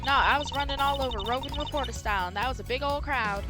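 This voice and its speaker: Sassy young reporter witness, flustered and defensive, high whiny drawl, put on by a woman streamer, game music loud behind. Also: quick pace, close to an everyday voice.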